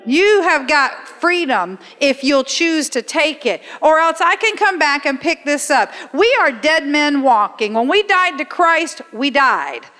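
A woman's voice: high-pitched, lively intonation, unhurried, few pauses, pushed and bright. Emphatic woman preaching in a reverberant hall. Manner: emphatic, conversational preaching with rhetorical questions. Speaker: guest speaker at a church. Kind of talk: sermon. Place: church sanctuary.

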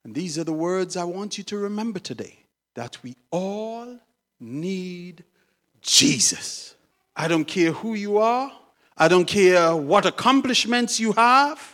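A woman's voice: fairly low pitch, expressive, slow, a bit bright. A woman preacher telling a story in an emphatic, dramatic sermon style.

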